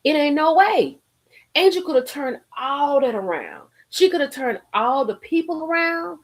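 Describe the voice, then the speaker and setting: A woman hosting a live stream, ranting in a sassy, profane, animated way with frequent laughter, a little tipsy from drinking. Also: high voice, unhurried. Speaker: livestream host. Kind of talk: casual live-stream commentary.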